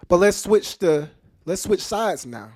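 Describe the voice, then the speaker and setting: A man's voice: sits high, expressive, measured pace, darkish tone. A man hosting a podcast, talking straight to his listeners in casual commentary, emphatic and full of rhetorical questions. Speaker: podcast host.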